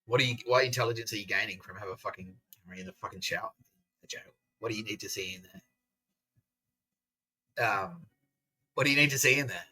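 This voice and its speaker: Male podcast host, bright edgy tone, profane sarcastic rant with laughs. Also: medium pitch, lively intonation, fast talker, creaky, pauses often, husky, poor audio. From Australia. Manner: profane, sarcastic, laughs through his words. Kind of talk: casual ranting monologue.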